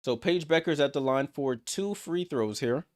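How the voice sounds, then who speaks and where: A man hosting a live watchalong stream, calling basketball play-by-play and reacting excitedly to each play. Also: on the high side, normal speed. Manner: excitable, rattles off passes, reacts aloud. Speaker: watchalong host.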